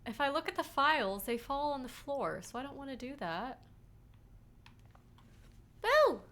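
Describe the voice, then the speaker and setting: A young woman streaming a game with playful running commentary, talking straight to a viewer. Her voice is high and bright, and her pitch swings widely. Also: lively intonation, a little fast. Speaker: gaming streamer. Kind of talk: let's play commentary.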